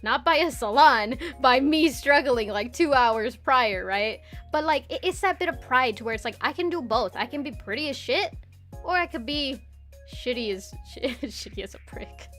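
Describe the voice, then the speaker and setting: A high-pitched young woman chats her way through a casual live stream, giggling and swearing as she talks to her viewers. Faint music plays behind her. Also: expressive, normal speed, a bit bright. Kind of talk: casual livestream chat.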